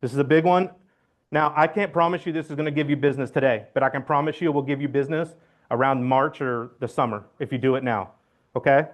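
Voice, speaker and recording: A man giving a loud, blunt, joking talk to his real estate team, acting out phone calls as he goes. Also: mid-range voice, steady tone, quick pace. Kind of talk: motivational team meeting talk. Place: meeting room.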